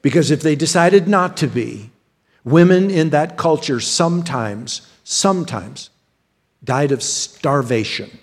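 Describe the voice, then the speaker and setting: A pastor preaches a chatty, unpolished sermon in a voice a bit higher than most men's, with lively intonation, a breathy edge, and a slightly slow pace. He often stumbles, repeating words and restarting sentences, and frequently speaks directly to the congregation.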